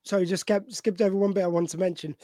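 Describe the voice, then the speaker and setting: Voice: mid-range voice, fairly even intonation, fast, warm tone, no echo. A speaker co-hosting a podcast in casual chat, enthusiastic and sweary, often restarting words. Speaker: podcast co-host.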